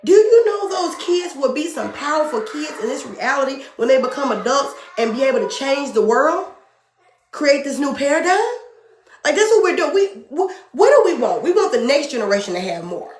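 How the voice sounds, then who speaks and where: A woman's voice: fairly high pitch, echoey room, a little hiss or hum. A woman speaking as a podcast guest in an earnest, emotional way, often repeating phrases for emphasis. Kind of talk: passionate spiritual conversation.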